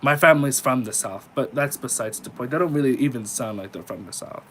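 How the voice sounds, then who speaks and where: A man's voice: mid-range voice, a little fast, a bit bright, slight background noise. A nineteen-year-old man talks casually on a live stream, reading viewer questions and answering them. His delivery is laid-back and chatty, in a mid-range voice.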